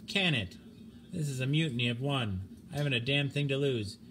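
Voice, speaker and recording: A man voicing a spiteful, mutinous spaceman who taunts his captain with sneering calm. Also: mid-range voice, a little fast, a little hiss or hum, close to an everyday voice. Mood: taunting. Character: spiteful mocking male spaceman, vengeful.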